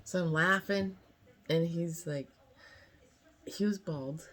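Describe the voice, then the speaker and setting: A woman's voice: lowish voice, slow, a bit bright, slight background noise. A woman in her fifties from California telling a casual story time, chatty and rambling with lots of fillers. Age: 50s. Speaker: vlogger.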